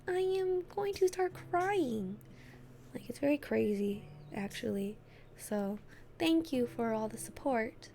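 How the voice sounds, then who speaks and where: High-pitched gravelly woman streamer. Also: a little mellow. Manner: sweet, earnest, chatty with viewers. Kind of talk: casual live-stream chat, reading aloud. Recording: faint music behind.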